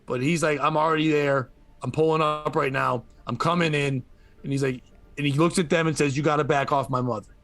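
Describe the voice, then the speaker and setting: A man with a slightly high voice tells a news story for laughs, swearing freely and acting out the people in it. The sound is dry and close, with no room around it. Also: fairly even intonation, brisk, fairly bright tone, dry recording. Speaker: podcast host. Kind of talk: comedic news commentary.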